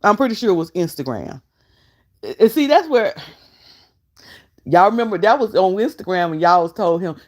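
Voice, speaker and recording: Sassy, animated woman vlogger. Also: medium pitch, normal speed, pauses often. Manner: sassy, fussing, talks straight to chat. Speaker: vlogger host. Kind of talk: casual live-stream commentary.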